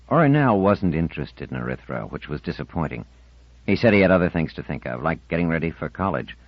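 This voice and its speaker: Deep, expressive male audiobook narrator. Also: no room sound. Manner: expressive storytelling. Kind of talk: scripted narration. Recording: dull lo-fi audiobook recording.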